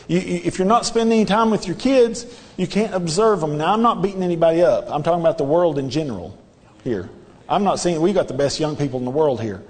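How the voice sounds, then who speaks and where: A man's voice: on the high side, darkish tone, long reverb tail. A man preaching a sermon in a church, earnest and repetitive, pressing his listeners with rhetorical questions. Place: church sanctuary.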